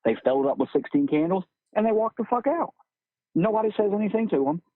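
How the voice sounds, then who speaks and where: Animated man on a tinny line. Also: high-pitched, fast, no echo. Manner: animated, profane, keeps saying "bro". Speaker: podcast host. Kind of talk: casual podcast chat. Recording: tinny phone-like dry sound.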